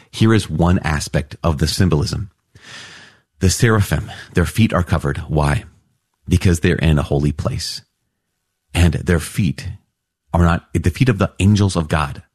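Male preacher, very low husky voice, enthusiastic teaching delivery, dry close mic. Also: dry recording. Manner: enthusiastic, exclamatory, animated. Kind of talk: scripture reflection.

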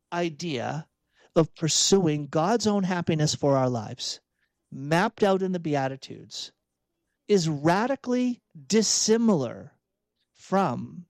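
A man's voice: on the high side, a little mellow, no echo. A man reflecting earnestly on faith, asking rhetorical questions as he preaches. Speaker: Catholic speaker and author.

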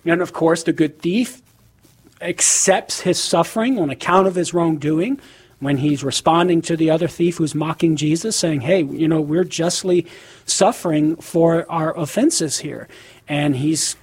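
A man with a slightly raised, husky voice who lays out ideas step by step. He speaks calmly and precisely, as an invited expert. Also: fairly high pitch. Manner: measured, articulate, explanatory. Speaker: guest apologist. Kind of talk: explaining doctrine.

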